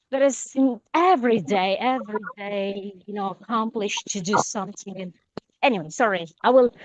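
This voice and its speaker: A woman's voice: fairly high pitch, dry recording, muffled recording. A woman student speaking up in an online English class, hesitant with many fillers and restarts. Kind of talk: casual chat in a class. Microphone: video call.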